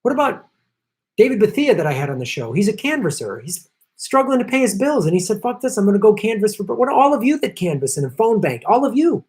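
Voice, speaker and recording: A man's voice: high-pitched, big pitch swings, brisk, darkish tone. Brief: middle-aged male host, heated profane rant, hammering his points over and over. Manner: angry, profane, emphatic and repetitive. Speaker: host of a political commentary show. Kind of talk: ranting political commentary.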